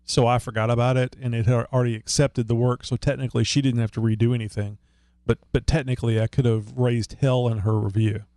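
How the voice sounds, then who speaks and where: Male podcast co-host, gravelly, rambling and joking, dry close mic. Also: medium pitch, little pitch movement, fast talker, mellow, no echo. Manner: joking, rambling, fiddles with his setup while talking. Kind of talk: casual chat.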